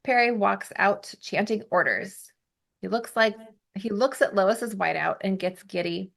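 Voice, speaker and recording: A woman's voice: mid-range voice, a little slow, gravelly. A young adult woman hosting a podcast, recapping a TV episode in casual chat with giggly asides. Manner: chatty, giggly, narrates plot with asides.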